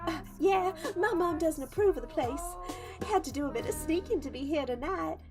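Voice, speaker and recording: A woman voicing an eager, excited young female jazz fan while reading game dialogue aloud, with game music behind. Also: high voice, normal speed. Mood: gushing. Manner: gushing, excited.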